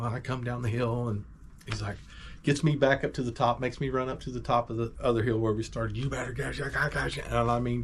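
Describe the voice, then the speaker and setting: A middle-aged man tells a personal story in a casual, animated way, with a medium-pitched voice. He talks plainly and acts out bits of the story as he goes. There is a faint noise in the background. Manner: animated, conversational, acts out moments.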